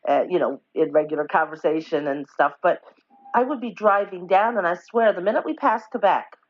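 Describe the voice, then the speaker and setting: A woman from Newfoundland with a softened Newfoundland accent, a podcast host who chats quickly and casually. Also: fairly low pitch. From Change Islands, Newfoundland. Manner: chatty and quick, laughing between thoughts. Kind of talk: casual chat. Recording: dull lo-fi audio.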